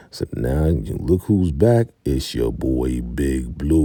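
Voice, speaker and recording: A man's voice: rumbling low, big pitch swings, slow pace, long pauses, warm tone, slightly rough, no echo. A man giving a casual, laid-back recap of a TV episode who chuckles often and talks to his viewers as y'all. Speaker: TV recap reviewer.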